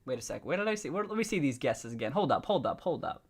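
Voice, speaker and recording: A man's voice: a little high, very animated, fast, breathy edge. Playful, laughing man chatting on a livestream. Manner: chatty, playful, laughs often, restarts sentences; reacts to and reads out viewer comments. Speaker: livestream host reading viewer chat. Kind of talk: casual livestream chat.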